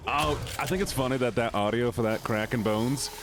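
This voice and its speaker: Talking to his viewers during a live gaming stream, the host keeps things casual and teasing, laughing often. He speaks a little fast at a medium pitch, over a constant hum of background noise.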